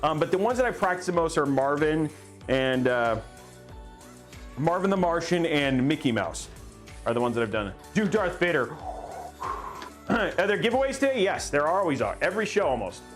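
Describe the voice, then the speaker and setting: A young man hosting a relaxed live stream who rambles and laughs often. He reads chat aloud as he goes. His fairly high voice rises and falls a lot, and a faint music bed plays behind him. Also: moderate pace. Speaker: livestream host building a PC.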